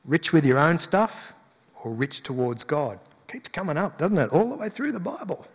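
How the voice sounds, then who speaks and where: A man's voice: on the high side, lively intonation, normal speed, husky. A male pastor giving a conversational sermon with emphatic rises. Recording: long hall reverb.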